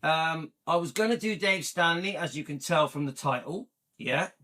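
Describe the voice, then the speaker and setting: A man's voice: fairly high pitch, normal speed, pushed and bright. A man hosting his own channel, chatting casually and rambling with lots of fillers. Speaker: channel host. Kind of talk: casual chat to camera.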